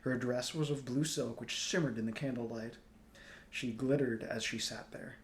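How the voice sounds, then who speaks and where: Man reading a novel aloud, unhurried. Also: mid-range voice, steady tone. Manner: unhurried, with small slips and throat clearing. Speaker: storybook reader.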